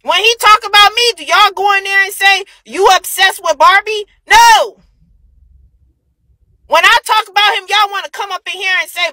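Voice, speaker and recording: High-pitched woman ranting angrily. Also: bright, forceful tone, dry recording, low-quality recording. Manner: heated, profane, repetitive. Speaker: livestreamer. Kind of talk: angry livestream rant.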